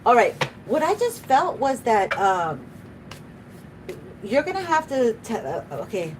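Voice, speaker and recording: A woman's voice: fairly high pitch, big pitch swings, measured pace, long pauses, background noise. A woman doing a live tarot reading, chatty and emotional, often laughing and speaking to spirit. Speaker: tarot reader.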